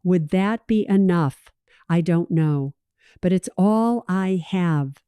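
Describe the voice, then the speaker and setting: A woman's voice: lowish voice, slow, warm tone, clear, resonant tone, no echo, studio quality. Woman voicing an ashamed, regretful mother. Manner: shaky, ashamed.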